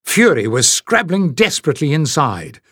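A man reading a fantasy novel aloud in a measured, expressive audiobook narration. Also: fairly high pitch, slightly rough, dry recording, studio quality.

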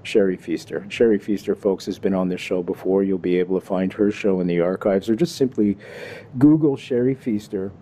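A Canadian man hosts a laid-back talk show, talking to his listeners in a folksy, animated way. His voice is deep in tone, very dark and mellow. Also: a little fast. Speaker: show host. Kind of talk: relaxed talk show hosting. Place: Kingston, Ontario.

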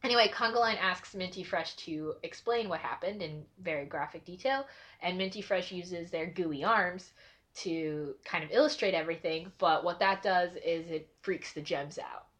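A woman's voice: on the low side, moderate pace, a bit bright. Chatty woman recapping with laughs. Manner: rambling with frequent likes and laughs. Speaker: podcast host recapping a cartoon episode. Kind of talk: casual chat.

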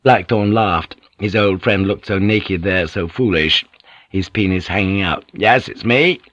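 A man narrating an audiobook in a measured, descriptive reading. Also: sits low, steady tone, fairly bright tone, dry recording, highs cut off. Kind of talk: scripted narration.

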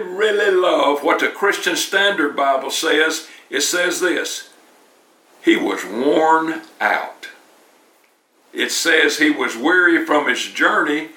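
A man's voice: a little high, bright, forceful tone. A man preaching a sermon in a church, talking in a conversational way and often repeating words as he restarts. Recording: roomy, distant mic.

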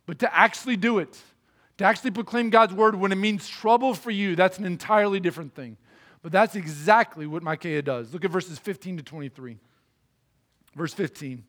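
A man with a high voice preaches a sermon, explaining scripture in plain, conversational terms. He speaks earnestly and with emphasis, pressing his points home. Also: lively intonation, a little fast, fairly bright tone. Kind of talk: sermon teaching through a Bible passage.

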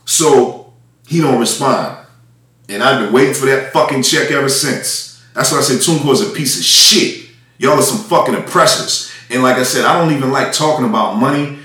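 A man's voice: medium pitch, a little fast, a bit bright. Man ranting heatedly in an echoey room. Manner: profane, heated, repetitive. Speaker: independent music artist. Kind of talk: angry ranting monologue. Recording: echoey room, mic at a distance.

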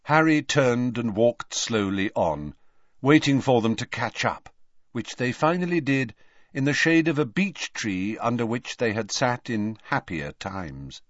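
A man reading a story aloud as audiobook narrator in a measured, expressive way. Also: medium pitch, dry recording. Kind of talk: scripted narration. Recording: slightly dull, dry audiobook recording.

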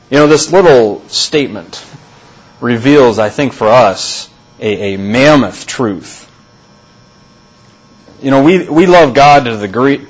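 A male pastor delivering a sermon, deliberate and repeating key phrases for emphasis. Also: mid-range voice, slightly rough, poor audio.

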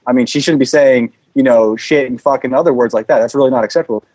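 A man's voice: medium pitch, fast, darkish tone, breathy edge, dry recording, lo-fi sound. A man prank-calling as a call center manager, falsely polite and stammering, then insulting. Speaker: prank caller posing as a manager.

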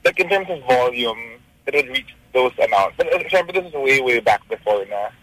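A man's voice: mid-range voice, lively intonation, fairly quick, fairly bright tone, slightly rough, no room sound, low-quality recording. Hesitant male caller. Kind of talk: telling a story on a radio call-in.

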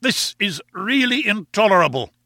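A man voicing a stern, sharp-tongued male lecturer who declaims in a raised, indignant tone. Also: mid-range voice, expressive, normal speed, no room sound, clean studio sound.

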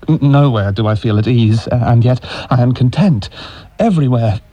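A man's voice: mid-range voice, animated, moderate pace, mellow, breathy edge, dry recording. A man giving an anguished, emotional dramatic reading of letters. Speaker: reader.

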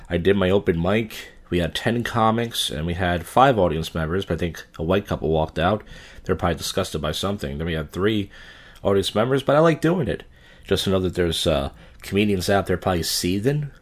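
Low-voiced man rambling on a podcast. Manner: rambling, crude, offhand. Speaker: podcast host and open-mic comic. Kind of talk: casual podcast monologue.

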